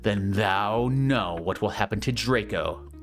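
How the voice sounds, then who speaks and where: A man voicing a menacing dark lord who speaks in archaic words, slow and mock-ominous. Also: lowish voice, faint music behind, close to an everyday voice.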